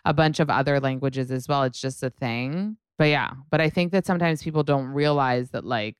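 A low-pitched woman chats casually as a podcast host, her voice a little hoarse. The tone is smooth and resonant, and the sound is dry and close. She swears freely and slips into playful put-on voices. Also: brisk, no room sound. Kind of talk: casual chat.

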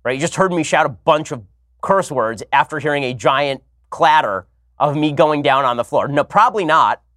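A man's voice: a little high, expressive, normal speed, fairly bright tone, dry recording, clean studio sound. A man in his thirties hosting a podcast, telling a rambling story with wry, sarcastic asides. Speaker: podcast host. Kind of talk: casual monologue and commentary.

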